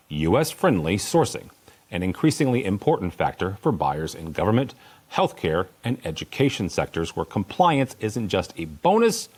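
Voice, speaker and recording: A man hosting a trade news podcast, reading the week's stories in a measured, even delivery. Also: fairly low pitch. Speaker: podcast host.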